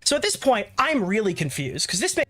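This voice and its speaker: A man's voice: high voice, wildly swooping pitch, a little fast, over loud music. A man defending himself on a stream clip, explaining his side of an online dispute. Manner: defensive, mocking quotes. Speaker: online commentator.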